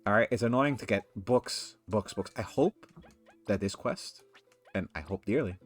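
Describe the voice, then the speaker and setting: A man's voice: on the low side, moderate pace. Rambling man over faint game music. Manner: rambling, exasperated ranting. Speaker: let's play commentator. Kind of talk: casual gameplay commentary.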